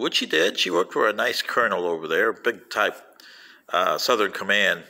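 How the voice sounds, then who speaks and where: A man born speaking Spanish recounts stories for an audience, sprinkling in asides aimed straight at them. His voice is bright, edged and gravelly, and animated pitch jumps mark each point of emphasis. His pace is moderate.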